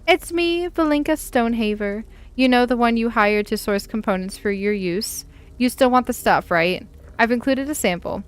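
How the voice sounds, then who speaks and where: High, lively fantasy-game Nord maiden, adventurous and quick to anger as a woman puts her on. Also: clean tone, close to an everyday voice. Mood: spirited. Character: cheerful adventurous young Nord woman, hot-tempered. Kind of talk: reading a game letter aloud.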